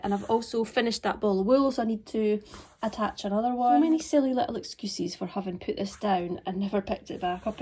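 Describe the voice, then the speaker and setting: A woman with a Scottish accent chatting casually about her knitting projects, rambling and unhurried, with frequent ums and soft murmured asides. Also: a little high. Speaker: craft vlogger.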